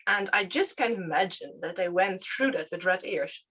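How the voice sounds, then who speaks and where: A woman historian whose first language is Dutch, talking casually on a panel and often pausing with fillers to search for words. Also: fairly low pitch, animated, fairly bright tone, husky. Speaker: historian guest.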